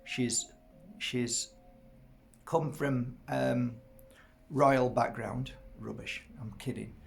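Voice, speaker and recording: A man's voice: mid-range voice, fairly even intonation, very slow, gravelly, slight background noise. A middle-aged man chatting casually to camera as host, rambling, laughing often and breaking off to fuss over his dog.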